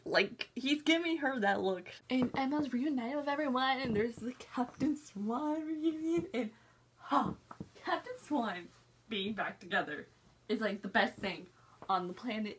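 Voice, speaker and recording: A young woman vlogger giving an excited fan recap of a TV episode, gushing and acting out scenes as she goes. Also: on the high side, measured pace, husky. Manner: gushing, animated, acts out scenes with "I'm just like".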